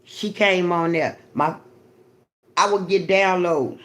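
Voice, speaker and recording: A woman hosting a livestream, telling a personal story in a profane, animated, repetitive way. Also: lowish voice, slow pace. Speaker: livestream host.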